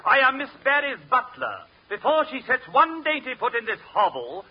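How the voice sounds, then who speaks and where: A man's voice: very high voice, sing-song, normal speed. A man with an English accent playing a snooty butler in a 1940s radio comedy, haughty and clipped. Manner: haughty and clipped, precise diction. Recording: muffled old radio broadcast with hiss.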